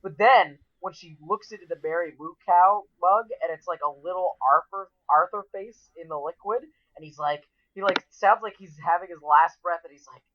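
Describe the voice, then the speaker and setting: A man with a slightly raised pitch chats on a podcast and drops movie references in quick asides. His audio is dull and lo-fi. He talks in loose, riffing bursts. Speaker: podcast co-host. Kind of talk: casual podcast chat.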